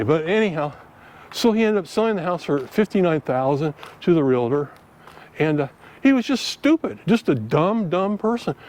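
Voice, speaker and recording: An older man, a vlogger giving selling tips, tells a folksy story in a chatty, casual monologue, acting out both sides of the conversations in his own voice. His voice is on the high side with a darkish tone, and the recording carries a little hiss or hum.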